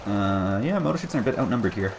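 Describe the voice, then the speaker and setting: A man's voice: lowish voice, animated, fast talker, noisy background. A man casting a strategy game match with chatty, wry commentary and self-deprecating asides. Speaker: game caster.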